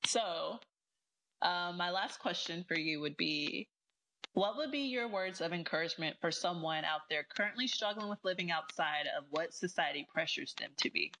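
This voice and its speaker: A woman's voice: on the low side, normal speed, bright, forceful tone, poor audio. A woman hosting a podcast, encouraging her guest and laughing often in casual chat. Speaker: podcast host. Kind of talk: casual conversational interview.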